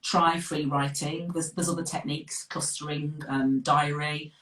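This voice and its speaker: Low-voiced Brummie woman, echoey and distant. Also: fairly even intonation, unhurried, a bit bright. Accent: Birmingham. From West Midlands of England. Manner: chatty and direct, laughs easily. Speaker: guest author. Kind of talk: casual live interview. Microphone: video call. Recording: echoey room, distant from the mic.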